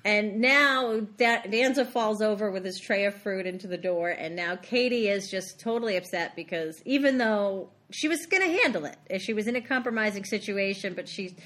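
A woman's voice: mid-range voice, normal speed, few pauses, fairly bright tone. A woman co-hosting a podcast, retelling a movie plot in casual chat, with lots of agreeing noises. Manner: chatty storyteller, many fillers and agreeing noises. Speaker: podcast co-host.

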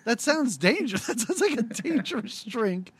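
A woman's voice: a little high, sing-song, normal speed, slightly rough, no room sound. A woman co-hosting a casual movie review chat, sarcastic and acting out scenes. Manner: sarcastic, acts out scenes in quoted voices. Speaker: podcast co-host.

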